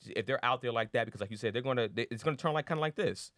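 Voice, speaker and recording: A man's voice: medium pitch, racing, no room sound, clean studio sound. A man co-hosting an anime podcast, retelling episodes in slangy casual chat and acting out characters' lines. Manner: animated retelling with slangy voiced impressions, frequent profanity. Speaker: podcast co-host.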